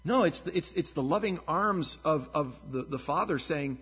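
Male pastor, husky and a touch high, conversational sermon delivery; muffled recording in a reverberant hall. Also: normal speed, few pauses. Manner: conversational, earnest preaching with lively storytelling. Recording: dull lo-fi sound with long hall reverb.

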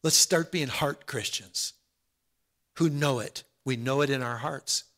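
A man preaching a sermon in an earnest, conversational way, dropping soft and then rising loud. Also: medium pitch, measured pace.

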